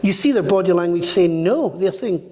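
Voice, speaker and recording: A psychic medium appears as a guest on a podcast, his high voice moving briskly as he tells stories and animatedly performs the voices of the people in them. There's a faint hiss or hum, and the room sounds large with a long reverb.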